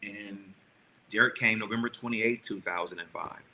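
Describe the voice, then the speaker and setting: A man co-hosting a podcast, telling a family story in a lively, animated way and acting out the quotes. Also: lowish voice, moderate pace, vocal fry, rough recording. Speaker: podcast co-host. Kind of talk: storytelling chat.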